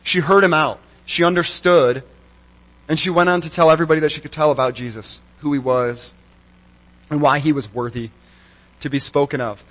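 A man preaching a sermon, telling a personal story in an animated, wry and self-mocking way. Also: on the high side, moderate pace, rough recording. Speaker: pastor.

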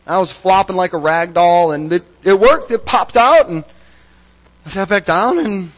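A man preaching a sermon, telling a personal story in an animated, wry and self-mocking way. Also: high voice, moderate pace, poor audio. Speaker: pastor.

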